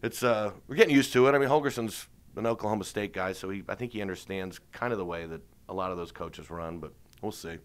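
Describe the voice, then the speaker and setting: A man's voice: lowish voice, fast, smooth. A man being interviewed as a stand-up comedian, telling rambling jokey stories in casual chat. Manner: joking, rambling storyteller.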